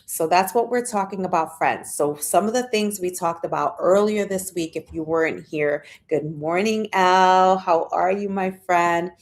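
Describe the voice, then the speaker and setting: A woman's voice: normal speed, hardly any pauses. Chatty woman hosting a live stream. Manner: chatty, greets viewers by name and reads out their comments; squeals up high when excited. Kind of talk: casual live-stream chat.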